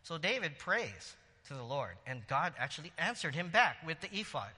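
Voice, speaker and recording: A man preaching a sermon in a lively, conversational way, with quick asides and laughter. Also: fairly high pitch, big-room sound. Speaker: pastor.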